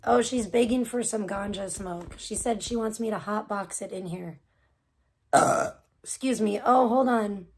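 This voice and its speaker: A woman's voice: mid-range voice, unhurried, husky. A woman hosting a casual livestream from her home, chatting in a rambling way with many fillers and restarts. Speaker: livestream host. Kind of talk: casual chat. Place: room at home with cats.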